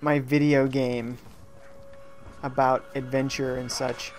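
A man's voice: mid-range voice, flat delivery, slow, soft background music. A man giving live commentary on a video game, joking and reading viewer chat aloud from home. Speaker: gaming streamer. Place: at home during a rainstorm.

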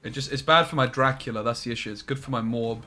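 Young male streamer, bright voice, chatty and profane, casual play-by-play. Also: mid-range voice, quick pace, faint music behind. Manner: chatty, swears, chats with viewers. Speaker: card game streamer. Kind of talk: casual gameplay commentary.

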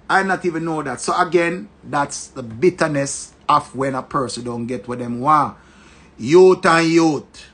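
A man with a Jamaican accent giving animated, joking commentary and repeating his phrases. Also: on the high side, breathy edge. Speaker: social media commentator. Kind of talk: casual commentary.

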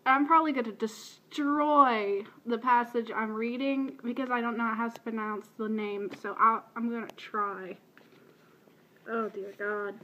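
A woman's voice: fairly high pitch, steady tone, unhurried, highs cut off. A woman in her early twenties from Baltimore, with a light, shifting Baltimore accent, chatting casually through a voice meme with self-deprecating asides. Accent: light Baltimore American, drifting. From Baltimore, USA. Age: early 20s. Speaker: video blogger. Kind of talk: casual voice meme answering questions.

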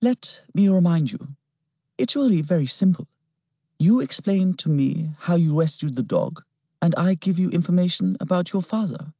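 A man voicing a mysterious, persuasive businessman who talks calmly and smoothly. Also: sits high, normal speed, no echo, pitched above the performer's own voice, heavily acted. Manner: calm, smooth, bargaining. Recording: dull lo-fi recording.

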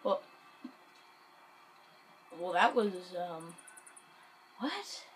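A woman giving casual gameplay commentary, excitable and jokey, muttering and whispering to herself. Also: mid-range voice, drawn-out words, slight background noise, low-quality recording.

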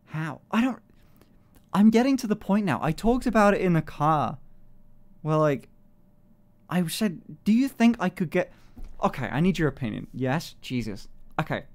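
A British man with a voice on the high side chats casually on a live stream. He's animated, swears a lot, and laughs often.

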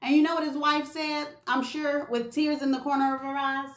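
Sassy high-voiced woman telling gossip. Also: little pitch movement, normal speed, roomy sound. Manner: sassy, slangy, acts out quoted voices. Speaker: gossip video host. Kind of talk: animated storytelling to camera.

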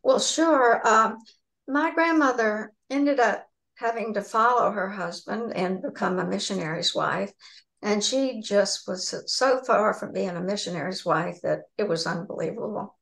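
Woman author guest on a video call, lively storyteller, gravelly voice. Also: mid-range voice, a little slow, low-quality recording. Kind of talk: casual interview storytelling.

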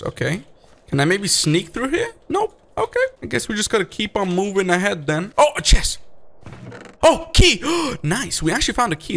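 A young man hosting a gaming video, giving excitable, jumpy gameplay commentary and talking to his viewers. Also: sits high.

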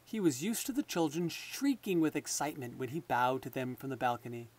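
A man's voice: a little high, brisk, few pauses, darkish tone. Man narrating a storybook audiobook. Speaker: audiobook reader.

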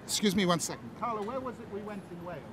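A man's voice: high voice, very fast, noisy background. A man passer-by thinking aloud in an easygoing way during a street interview. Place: busy street outdoors.

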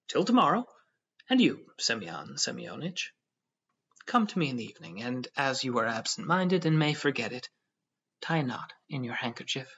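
A man voicing a self-important civil servant who lectures calmly and at length. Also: mid-range voice, breathy edge, exaggerated voice. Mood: pompous tranquil. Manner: measured, lecturing tone. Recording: dull lo-fi audio.

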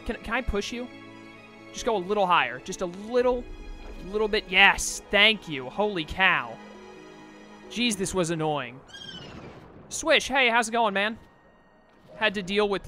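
A man's voice: high voice, bright, forceful tone. A young man casually commenting on a video game as he plays, often exasperated and talking back to the game. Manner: exasperated, chatty, talks to the game. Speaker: let's play host.

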